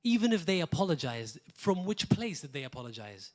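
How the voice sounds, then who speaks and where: This pastor from Malta has a fairly high voice with big pitch swings and a fairly quick delivery. In his church sermon he's earnest, raising rhetorical questions and alternating loud emphasis with quiet asides.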